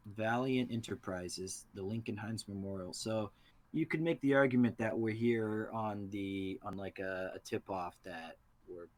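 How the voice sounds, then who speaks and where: A man playing a tabletop game, chatting casually and joking. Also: low voice. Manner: joking, quick. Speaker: player. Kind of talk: casual chat.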